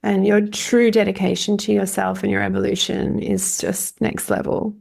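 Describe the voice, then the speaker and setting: A woman's voice: mid-range voice, little pitch movement, moderate pace, creaky, a little mellow. A woman podcast host and mentor, effusive and affirming as she thanks her guest and closes the show. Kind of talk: warm podcast hosting.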